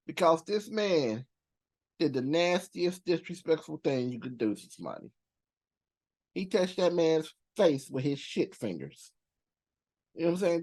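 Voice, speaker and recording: A man's voice: mid-range voice, expressive, moderate pace, darkish tone. A man hosting a movie reaction channel, counting down characters in casual, profane slang and laughing often.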